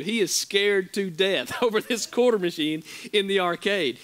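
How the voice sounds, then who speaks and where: A man as pastor preaching a sermon, telling a story with animated delivery and acting out the quotes. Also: high-pitched, normal speed. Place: church sanctuary.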